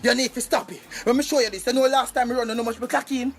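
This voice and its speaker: High gravelly Jamaican man ranting. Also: fairly even intonation, very fast, a little hiss or hum. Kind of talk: comedic vine rant.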